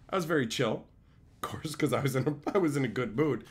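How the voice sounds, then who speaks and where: A man from Canada chatting casually on his livestream, loopy after sedation, with animated, profane ranting. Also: mid-range voice, fast talker, husky. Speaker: streamer.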